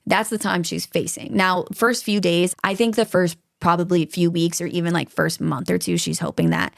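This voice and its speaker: A woman's voice: fairly low pitch, steady tone, moderate pace, creaky, dry recording, clean studio sound. A woman hosting a true-crime podcast, talking casually and getting worked up, swearing freely. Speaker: podcast host.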